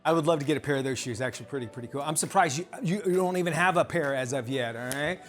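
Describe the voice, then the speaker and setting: A man co-hosting an entertainment show, reacting briefly, then plugging the next segment in a brisk, promotional way. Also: a little high, soft background music. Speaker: co-host. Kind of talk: show outro and plugs.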